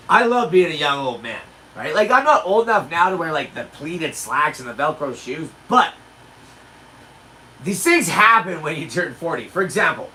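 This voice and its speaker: Man, 40s, stand-up comic, high and lively, lands punchlines loud, recorded from a distance. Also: slight background noise. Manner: animated storytelling with shouted punchlines. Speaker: stand-up comedian. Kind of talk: livestreamed stand-up rehearsal.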